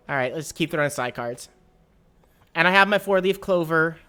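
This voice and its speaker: A woman streaming a game live, chatting to her viewers and breaking into excited squeals and laughter. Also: low voice, moderate pace, long pauses, soft background music. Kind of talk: live gameplay stream chat.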